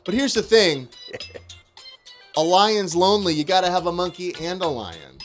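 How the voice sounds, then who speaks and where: A man's voice: high-pitched, lively intonation, normal speed, fairly bright tone, faint music behind. A man hosting a live-stream auction with upbeat, playful patter. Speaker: host and auctioneer.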